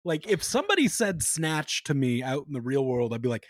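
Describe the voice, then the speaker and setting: A man co-hosting a podcast in casual chat, animated and joking, cursing freely. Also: mid-range voice, a little fast, dry recording, clean studio sound. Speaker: podcast co-host.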